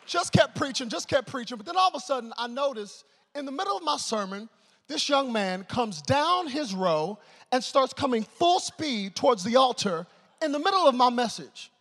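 A man preaching a sermon, telling a humorous story and swinging between loud excitement and hushed tones. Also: extremely high pitch, moderate pace, long reverb tail.

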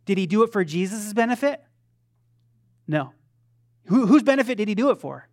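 Preaching as a pastor, this man uses an expressive, high voice that's a little mellow, at normal speed. He keeps things conversational, throws in self-deprecating comments, restarts sentences often, and asks the congregation questions.

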